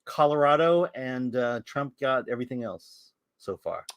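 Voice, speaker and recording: A man giving live election result updates, halting and full of fillers. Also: mid-range voice, lively intonation, a bit bright, no room sound.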